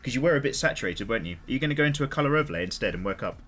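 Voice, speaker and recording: Lively, chatty man in his thirties. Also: mid-range voice, very fast. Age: 30s. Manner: chatty, sweary and openly emotional. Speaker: artist streaming live. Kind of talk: casual livestream chat.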